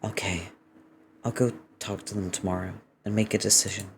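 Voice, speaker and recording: A soft, hesitant young neighbor sniffling through a phone call home, as a man reads the part aloud. The voice stays hushed, with a fairly low pitch and a faint hum of room sound behind it. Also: fairly even intonation, normal speed, close to an everyday voice. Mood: tearful, hushed. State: sniffling after crying. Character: tearful young neighbor phoning their mother.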